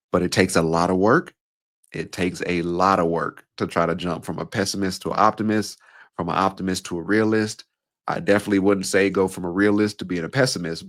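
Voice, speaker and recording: A very low-voiced man in his thirties hosts his own podcast as a speaking coach. He talks in a relaxed, conversational way and slips playfully into the voices of the people he quotes. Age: 30s. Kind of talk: casual solo podcast talk.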